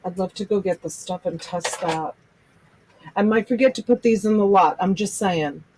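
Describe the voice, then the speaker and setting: A woman hosts a casual live-stream jewelry sale, selling lots, gushing over pieces and exclaiming about items. She jokes with viewers and laughs often. Her voice is medium-pitched, a little mellow and moderately paced, with a bit of hiss or hum in the background.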